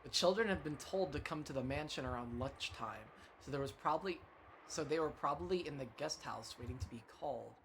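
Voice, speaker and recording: A man's voice: fairly high pitch, lively intonation, fairly quick, gravelly, fairly bright tone, a little hiss or hum. A man streaming himself reading a visual novel aloud, narrating with small slips and self-corrections. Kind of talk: dramatic reading of game text.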